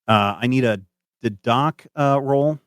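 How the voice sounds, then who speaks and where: A man narrating as game master of a tabletop game, animated and hesitant with many fillers. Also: mid-range voice, unhurried, no echo, studio quality.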